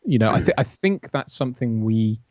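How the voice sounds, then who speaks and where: A man talks casually and wryly as a co-host on a livestream, rambling a little as he goes. His voice sits at a middle pitch. The mic sounds dull and lo-fi, and the recording is dry. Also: expressive, brisk, darkish tone, no room sound. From Britain.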